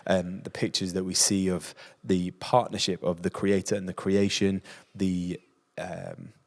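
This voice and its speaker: A man's voice: sits low, steady tone, a little slow, vocal fry. A man co-hosting a casual Bible discussion podcast, explaining the text and acting out the prophet's lines in a raised voice. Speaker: podcast co-host. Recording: roomy reverb.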